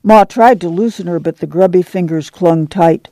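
A man narrating a novel as an audiobook, in a measured, unhurried way. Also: high-pitched, mellow, no room sound. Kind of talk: scripted narration.

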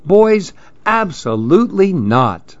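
A man's voice: sits high, sing-song, slow, dry recording, pitched above the performer's own voice, heavily acted. A man voicing a playful Dominican mother in a storybook reading, teasing and sprinkling in Spanish words. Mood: firm. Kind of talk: storybook narration. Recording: dull lo-fi dry recording.

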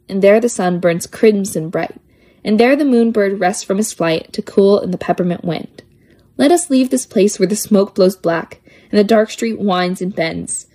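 A woman's voice: mid-range voice, dark tone. A woman reading children's poems aloud with a lilting, playful sing-song delivery. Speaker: poetry reader.

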